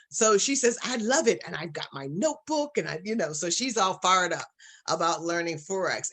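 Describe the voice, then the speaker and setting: A woman's voice: on the low side, bright, forceful tone. A woman business coach giving a casual online presentation, upbeat and encouraging, talking to her audience like family.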